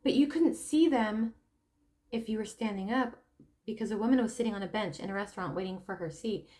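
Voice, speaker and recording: A woman talking casually to camera, telling a story in an animated way and often stopping to laugh and add asides. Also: mid-range voice. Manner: animated storytelling, acting out quoted people. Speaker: tarot reader and spiritual coach. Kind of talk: casual opinion monologue.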